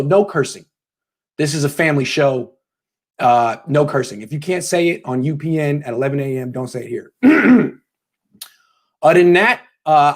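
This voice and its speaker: Male host, loose joking call-in banter, voice a touch high, video-call mic at home. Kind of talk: casual call-in show.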